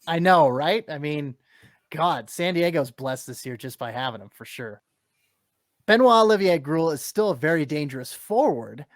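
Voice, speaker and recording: A podcast co-host giving hockey analysis in an excitable way, laughing and getting flustered when excited. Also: mid-range voice, no echo, clean studio sound.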